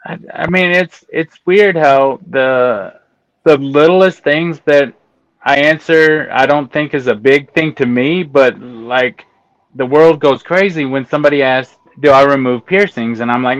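A man's voice: on the high side, moderate pace, dry recording, lo-fi sound. Man chatting casually about his work. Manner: storytelling, amused, acts out quoted exchanges. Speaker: guest, embalmer and autopsy tech. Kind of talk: casual podcast chat.

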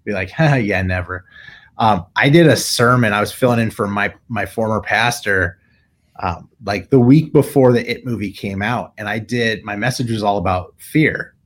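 A middle-aged tattoo artist with a fairly low voice tells a personal story at a normal speed in casual conversation. He's an animated storyteller who acts out what other people said.

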